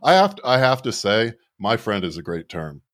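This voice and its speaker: A man's voice: lowish voice, very animated, moderate pace, fairly bright tone, no room sound, studio quality. A man co-hosting a leftist podcast, chatting casually in a sardonic, rambling way with frequent restarts. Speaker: podcast co-host. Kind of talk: casual political podcast banter.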